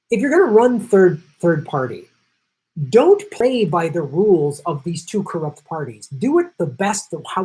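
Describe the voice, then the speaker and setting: A man's voice: fairly high pitch, slightly rough, poor audio. A middle-aged man hosting a political commentary show, reading viewer questions and going off on emphatic, rambling rants, laughing easily.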